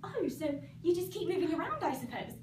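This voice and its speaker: A woman's voice: extremely high pitch, very animated, a little fast, a little mellow. A young woman voicing Alice, a prim and polite curious girl. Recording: echoey room from far off, noisy.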